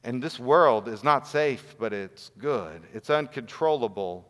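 A man's voice: mid-range voice, lively intonation, unhurried, a bit bright. A man preaching a sermon in an earnest voice, building to rhetorical questions. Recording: long hall reverb.

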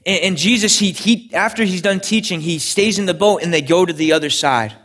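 A man's voice: sits high, brisk, a bit bright. A young adult man, a pastor, preaching a sermon in an earnest storytelling way with frequent restarts.

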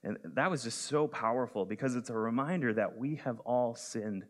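A man in his twenties preaching a sermon in an earnest, plain way, often pausing with "um". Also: mid-range voice. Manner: earnest, frequent "um" fillers.

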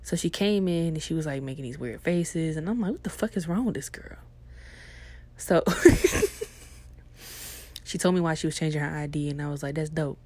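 Low-voiced young woman telling a profane story. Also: moderate pace, no room sound. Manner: animated, profane, laughing, slangy. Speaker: podcast host. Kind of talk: casual storytelling chat.

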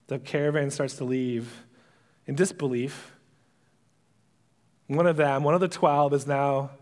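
This is a man pitched on the high side, a pastor giving a sermon who tells a story with flair and lowers to hushed whispers at its most moving points.

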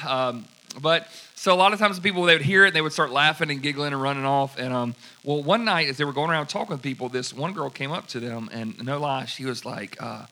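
A man preaching a sermon, telling a story in an animated way and acting out the people in it. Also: on the high side. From United States. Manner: animated, acts out quoted dialogue. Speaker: pastor.

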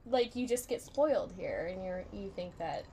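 A woman's voice: mid-range voice, lively intonation, moderate pace, dark tone, a little hiss or hum. A young woman from San Diego, a podcast guest, talking in a chatty, opinionated way and laughing often. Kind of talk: casual chat.

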